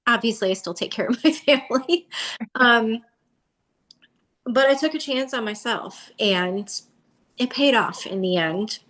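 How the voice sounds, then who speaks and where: A woman's voice: fairly high pitch, unhurried, long pauses. A woman in her forties, an interview guest, telling her story casually and acting out what people said with a rising voice. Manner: animated, acts out quotes with a rising voice.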